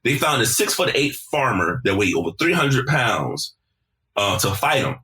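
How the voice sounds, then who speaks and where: A man guesting on a podcast, telling stories in a casual, animated, profane way and repeating words as he starts his sentences. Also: mid-range voice, moderate pace. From South Carolina. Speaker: podcast guest, deejay and emcee. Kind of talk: casual conversational storytelling.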